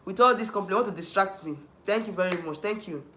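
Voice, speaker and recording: A YouTube livestream host with a Nigerian accent rants fast and heatedly, hammering the same points, restarting often and breaking off to answer chat. His high voice sounds bright and forceful. The room echoes noticeably, and there is a little hiss or hum.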